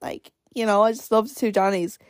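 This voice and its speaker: A woman's voice: medium pitch, steady tone, fairly quick, no echo. Chatty young Irish woman, dry sound. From Ireland. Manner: rambling, chatty, many "like" fillers. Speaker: podcast host. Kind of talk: casual solo podcast chat.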